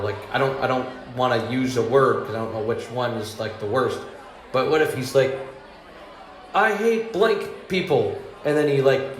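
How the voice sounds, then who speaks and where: A man telling stand-up stories in a mid-range voice, wandering off track and laughing at his own lines. The sound is roomy with a faint hum behind him. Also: mid-range voice. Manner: meandering, self-deprecating, chuckles through his own jokes. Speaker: stand-up comedian. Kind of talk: rambling stand-up set. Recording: echoey room with faint hum.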